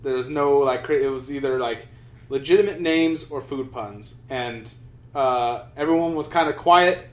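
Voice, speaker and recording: A man's voice: mid-range voice, normal speed. A young man co-hosting a podcast, telling a rambling story in casual chat, full of restarts and swearing. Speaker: podcast co-host. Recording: roomy echo.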